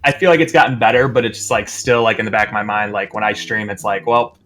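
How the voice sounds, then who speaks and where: A man's voice: fairly low pitch, fast talker, fairly bright tone, soft background music. A man guesting on a casual podcast chat, speaking loosely with lots of fillers. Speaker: streamer guest.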